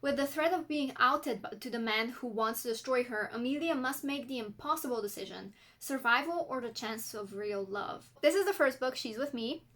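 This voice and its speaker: A woman's voice: fairly high pitch, moderate pace, hardly any pauses, fairly bright tone. A woman with a non-American English accent, vlogging about books in a chatty, enthusiastic way and reading blurbs aloud. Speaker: book vlogger. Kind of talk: casual chat and reading book blurbs aloud.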